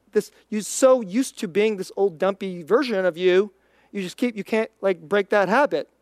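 A preacher giving an informal, conversational sermon, chatty and full of "like", swinging between quick bursts and slow, quiet emphasis. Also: medium pitch, no room sound, studio quality.

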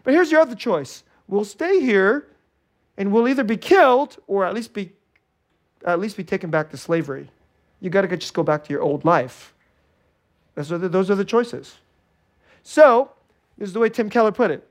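A male pastor preaching a sermon in an animated way, acting out little scenes and laughing often. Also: high voice, normal speed, long pauses. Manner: animated, acts out scared and joyful voices, laughs often.

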